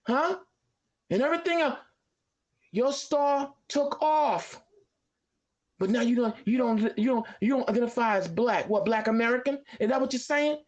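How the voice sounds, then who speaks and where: A man arguing on a talk show, combative, firing off rapid questions. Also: very high voice, dull audio. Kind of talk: heated talk-show debate.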